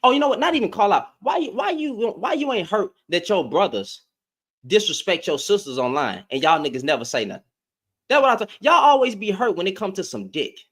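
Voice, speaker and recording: A man's voice: high voice, big pitch swings, a little fast, fairly bright tone. A man ranting casually to camera as an online commentator, heated and emphatic and firing off rhetorical questions.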